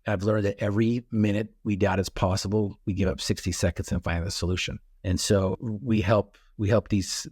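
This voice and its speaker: A man's voice: lowish voice, dry recording, studio quality. A middle-aged man, a guest speaker on a podcast, telling stories with energy and acting out his own reactions. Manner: animated storyteller, acts out his own reactions. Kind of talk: storytelling in a podcast interview.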